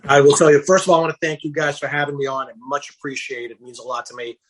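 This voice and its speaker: A middle-aged man tells his story as a podcast guest, acting out the lines he quotes. His voice is husky and sits a bit high for a man. He talks in a loose, animated way. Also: quick pace. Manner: animated storyteller who acts out quoted dialogue. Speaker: guest, campaign founder. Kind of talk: casual podcast interview.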